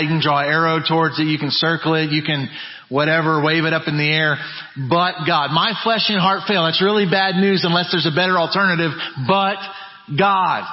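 A man preaching a sermon as pastor, emphatic, dropping to low quiet phrases and building back up. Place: church sanctuary. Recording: muffled church recording with long reverb.

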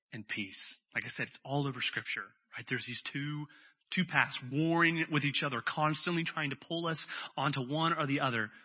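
A man preaching a sermon as a pastor, telling stories in a relaxed conversational way with lots of fillers. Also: on the high side. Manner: conversational storytelling with frequent fillers. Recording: dull lo-fi sound with faint music.

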